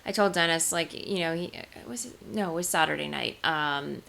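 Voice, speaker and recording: A woman with a low, creaky voice and a sharp tone speaks at a moderate pace while seated at home. She hosts a knitting video podcast, showing off her crafting gear in a casual show-and-tell vlog, rambling with plenty of ums and restarts.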